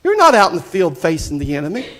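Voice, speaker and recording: A man preaching a live church sermon, impassioned and folksy, with bursts of shouting. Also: high voice, wildly swooping pitch, fast. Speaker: pastor. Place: church sanctuary.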